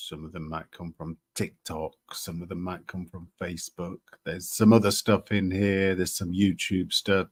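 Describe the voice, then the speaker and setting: A man's voice: deep voice, a bit bright. A man hosting a live stream, chatting casually with many ums and restarts. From Britain. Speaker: livestream host.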